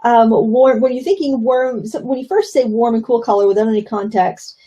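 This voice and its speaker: A woman's voice: on the high side, steady tone, moderate pace, mellow, lo-fi sound. A woman teaching watercolor painting on a live stream, chatting casually and explaining as she paints, with plenty of fillers. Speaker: watercolor instructor.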